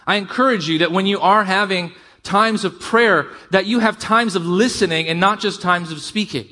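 A middle-aged man preaching a sermon to his congregation, conversational with rising emphasis and quick asides. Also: high-pitched, bright, forceful tone. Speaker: pastor.

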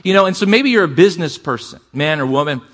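Animated preacher with a fairly high voice. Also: male voice, fast talker. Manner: energetic preaching, calls for amens, varies pace and volume. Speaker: pastor. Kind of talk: sermon.

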